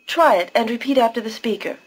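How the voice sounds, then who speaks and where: A woman's voice: on the high side, fast talker, slightly rough, low-quality recording. A woman giving scripted narration for a language course, patiently explaining pronunciation step by step.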